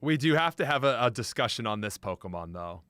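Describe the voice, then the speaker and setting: Giggly young man streaming, lively voice. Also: medium pitch, fast talker, smooth, no room sound, clean studio sound. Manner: giggly, frequent laughter; chatty, addresses chat directly. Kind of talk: casual live-stream chat.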